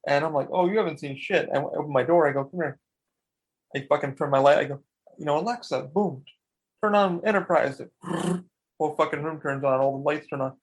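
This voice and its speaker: A man's voice: fairly high pitch, fairly quick, slightly rough. A man co-hosting a podcast, telling rambling stories in casual chat and swearing freely. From Florida. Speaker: podcast co-host.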